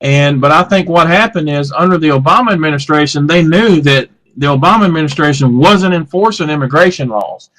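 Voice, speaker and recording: Male co-host, pitched high, earnest and insistent on the radio. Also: fairly quick, hardly any pauses, fairly bright tone, poor audio. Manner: earnest and insistent, lists points with "you know". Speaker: radio talk show co-host. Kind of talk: live political talk radio.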